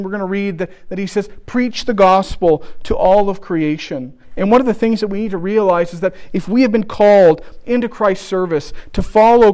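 A man preaching a sermon, telling a story with restarts and slowing down for emphasis. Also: high-pitched, darkish tone.

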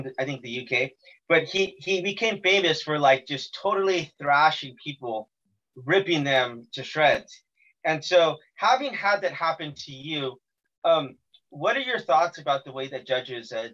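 A man's voice: on the high side, a bit bright, lo-fi sound. A man from the United States hosting an interview, asking long, hesitant, wordy questions. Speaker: interview host. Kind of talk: casual interview.

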